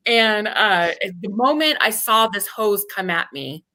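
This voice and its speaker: A woman in casual chat, telling an animated story with some swearing. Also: medium pitch, unhurried, no room sound, low-quality recording. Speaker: group chat participant.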